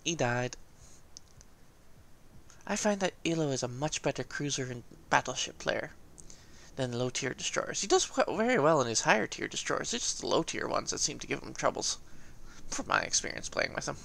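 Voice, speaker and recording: Excitable, laughing male gameplay commentator. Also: medium pitch, moderate pace, vocal fry. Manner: excitable, laughs often, cheeky swearing.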